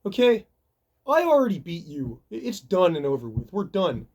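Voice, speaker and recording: A man's voice: high-pitched, big pitch swings, normal speed, a little mellow, full character voice. Brief: man playing a young man who has won the fight, telling the loser to let it go, firm and a bit raised. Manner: firm, settling things down.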